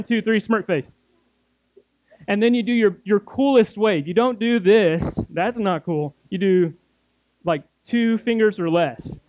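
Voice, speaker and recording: Young male youth pastor, high-pitched, animated and playful, dry recording. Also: no room sound. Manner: animated, acts out scenes in playful voices. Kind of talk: casual sermon to youth group.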